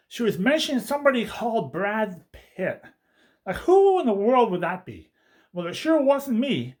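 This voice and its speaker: A man's voice: very high-pitched, poor audio. An older man, a sheep farmer, chatting casually and joking as he does the evening chores in his barn. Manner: joking, folksy, talks to the animals. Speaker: sheep farmer, channel host. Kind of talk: casual chat while doing farm chores.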